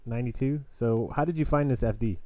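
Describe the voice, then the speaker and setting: A man with a warm, mellow voice hosts a casual podcast chat. He is upbeat and playful and keeps restarting his sentences as ideas come. His talk runs loose and friendly. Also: mid-range voice, fairly quick, no echo. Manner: upbeat, jokey, self-interrupting. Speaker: podcast host.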